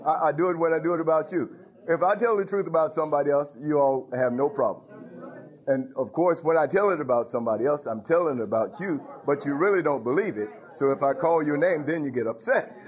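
A man's voice: fairly high pitch, quick pace. A man preaching a sermon in a conversational, teasing way, laughing and making asides to the congregation. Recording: dull lo-fi recording.

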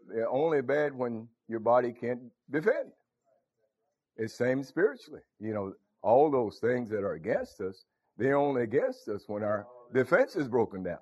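A man preaching a folksy sermon, calling out to his congregation. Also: mid-range voice. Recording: dull lo-fi recording.

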